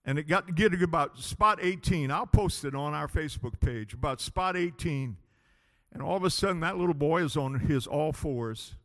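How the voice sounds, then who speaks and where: A man delivers a sermon as a pastor, impassioned and alternating between loud declarations and quiet pleading. His voice is slightly high, and a long reverb tail trails after it.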